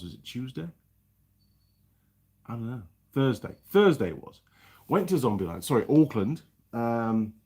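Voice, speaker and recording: A husky-voiced man hosts a casual live stream, chatting away and welcoming viewers by name. His pitch swings up and down all the time, jumping high as he greets people. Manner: chatty, reads viewer names aloud with lively greetings. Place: home workshop in New Zealand.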